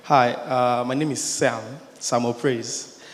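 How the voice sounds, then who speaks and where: A man from the audience asks a question at a conference and tells his story in an animated way, with laughing asides. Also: mid-range voice, takes it slowly. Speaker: audience member asking a question. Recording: hall with long reverb.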